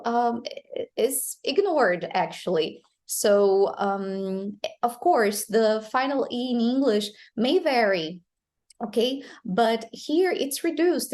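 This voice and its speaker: Slow Brazilian-accented woman teaching pronunciation. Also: fairly high pitch, darkish tone. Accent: Brazilian Portuguese. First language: Portuguese. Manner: slow, explanatory, models phrases for repeating. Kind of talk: pronunciation lesson.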